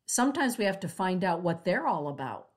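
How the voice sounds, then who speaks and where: A woman's voice: on the low side, big pitch swings, fairly quick. A woman co-hosting a casual spiritual talk, sharing stories and affirming her guest's points. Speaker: co-host of a spiritual talk show.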